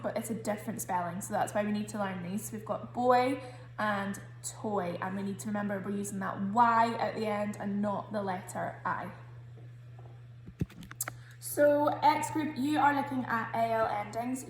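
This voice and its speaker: A woman with a Scottish accent, a primary school teacher recording a spelling lesson for children. She explains each word patiently and says every sound slowly and carefully. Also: medium pitch, roomy sound.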